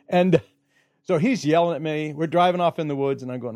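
High-voiced man telling a lively story. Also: fairly quick. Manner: animated storyteller, acts out quotes, laughs often. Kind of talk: casual storytelling chat.

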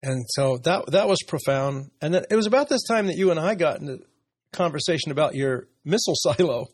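A man in his sixties, a podcast host, talking candidly and emotionally about his life in a personal conversation, with soft laughs. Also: on the high side, animated, fairly quick, breathy edge, no echo. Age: 60s.

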